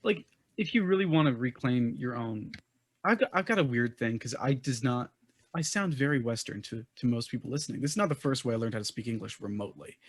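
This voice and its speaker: A man's voice: mid-range voice, expressive, a little fast, slightly rough, no room sound. A man on a podcast panel, speaking candidly and personally with wry asides. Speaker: panel guest. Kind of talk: casual panel discussion.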